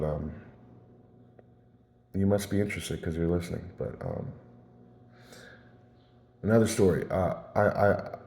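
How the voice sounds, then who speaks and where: A man rambling through personal stories in a casual monologue, halting and repeating words as he restarts his sentences. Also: low voice, dark tone. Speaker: vlogger. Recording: roomy echo.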